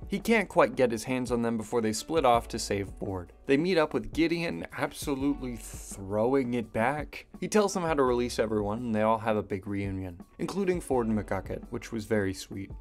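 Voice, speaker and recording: A man's voice: mid-range voice, expressive, normal speed, hardly any pauses, soft background music. A man in his twenties narrating a casual video review with wry, chatty asides. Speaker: YouTube reviewer.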